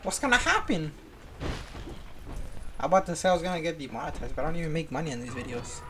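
A gamer giving casual, playful gameplay commentary, excitable and teasing a friend throughout. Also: mid-range voice, fast talker, noisy background.

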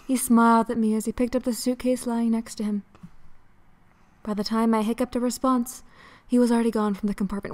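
Breathy dramatic narrating woman. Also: a little high, flat delivery, a little fast, a little mellow. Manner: breathy, seductive reading voice. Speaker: game co-host.

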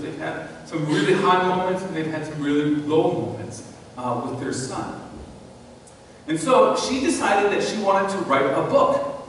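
A male pastor preaching a sermon in a church, telling a story and swinging between hushed and loud. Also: fairly high pitch. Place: large church sanctuary. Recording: distant mic, long church reverb, faint noise.

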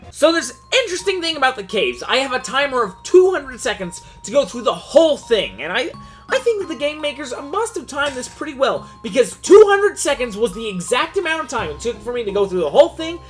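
A man's voice: very high voice, sing-song, brisk, fairly bright tone, faint music behind. A man hosting a gaming channel, giving an unscripted, goofy recap of a game's story mode with frequent restarts.

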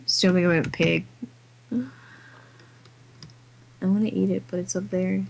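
A woman's voice: lowish voice, steady tone, measured pace, vocal fry, a little mellow, low-quality recording. An exhausted woman gamer chatting to herself during late-night gameplay, giggling as she goes. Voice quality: giggly, talks to herself and the game. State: exhausted, sleepy.

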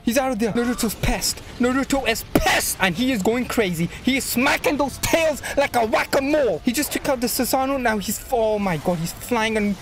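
A man hosting an anime reaction channel, giving live commentary that turns to excited shouting and stammering in disbelief, speaking into a desk microphone. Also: very high-pitched, a little fast, hardly any pauses.

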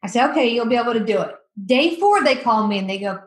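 A woman guest telling lively stories in a podcast interview, acting out the quotes. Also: fairly high pitch, fast, reverberant, rough recording. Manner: lively storyteller, acts out quotes. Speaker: guest, addiction coach.

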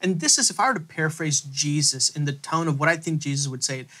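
A man on a faith podcast, retelling a Bible passage in an animated storytelling way and acting out the quoted lines. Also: fairly high pitch, fast talker. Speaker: theologian co-host.

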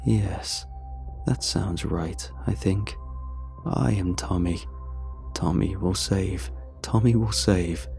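A man voicing a lonely, monstrous male train creature, slow and mournful with a deep, resonant misery. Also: creaky, a little mellow, faint music behind, full character voice. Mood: confused.

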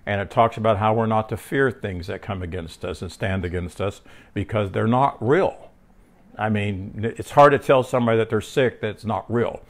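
Man, lowish voice, casual bible teacher, halting restarts, rambling asides, asks "right?" to his listener. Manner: rambling, frequent restarts and filler words; tells personal stories mid-teaching.

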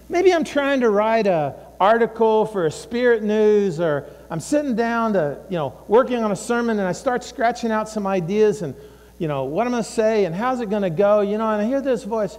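A man's voice: high voice, lively intonation, moderate pace, a little mellow. A middle-aged male pastor preaching in a conversational style, repeating himself and acting out other people's words. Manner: conversational, repeats words, acts out quoted voices. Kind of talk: sermon. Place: church sanctuary. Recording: long hall reverb.

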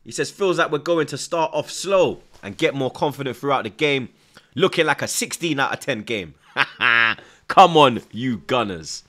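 A man's voice: medium pitch, lively intonation, normal speed. Slangy man hyping a stream. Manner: slangy, repeats "blood" and "you get me"; shouts out viewers from the chat. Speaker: livestream host. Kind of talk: football watchalong chat.

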